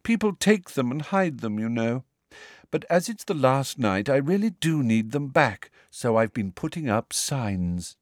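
A man voicing a dreamy, serene teenage girl witch in an audiobook, calm and matter-of-fact. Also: medium pitch, unhurried, dry recording, studio quality.

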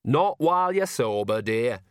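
A chatty old village witch woman with a raised, lively voice, as a man reading a story puts her on. She teases and jokes in a dry, close sound. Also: mid-range voice, measured pace, clean tone, no echo, lightly acted. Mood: teasing. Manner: chatty, teasing.

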